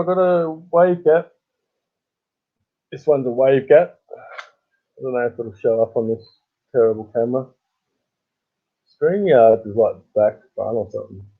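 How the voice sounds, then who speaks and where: A man's voice: mid-range voice, lively intonation, unhurried, pauses often. Rambling Australian man on tinny audio. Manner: rambling storyteller who chuckles often. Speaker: livestream host. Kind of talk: casual live-stream chat. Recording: tinny phone-like sound.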